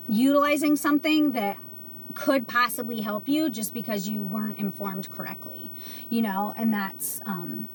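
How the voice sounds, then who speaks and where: A woman's voice: medium pitch, a little hiss or hum. A woman hosting a casual livestream, talking earnestly to viewers with lots of fillers. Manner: earnest, chatty, many fillers. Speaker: livestream host selling CBD.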